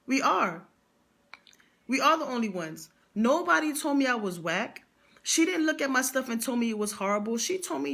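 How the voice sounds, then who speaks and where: Woman, high voice, bright tone, emphatic, slangy, motivational monologue. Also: normal speed, creaky. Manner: emphatic, repetitive, animated storytelling with slang.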